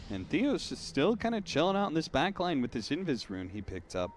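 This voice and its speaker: A man casting an esports match, with lively play-by-play and wry banter with his co-caster. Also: on the high side, a little fast, a little hiss or hum. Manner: lively, bursts into hype on big plays, wry banter. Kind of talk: play-by-play commentary.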